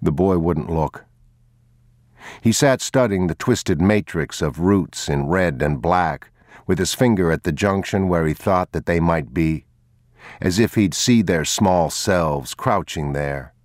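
A man narrating a story in a grave, measured, unhurried way. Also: sits low, dry recording, clean studio sound. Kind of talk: audiobook narration.

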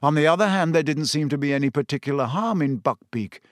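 A man reads a storybook aloud in an even, measured way. His voice is on the high side for a man, and the sound is dry and close with no room echo. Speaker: audiobook narrator. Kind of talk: scripted story narration.

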